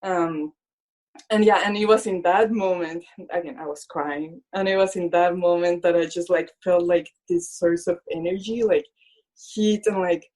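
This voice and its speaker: Earnest young woman with a lowish voice. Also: steady tone, normal speed, darkish tone. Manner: earnest, fills speech with "like"; acts out her own past thoughts in quoted speech. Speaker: guest, illustrator. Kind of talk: personal faith testimony in conversation.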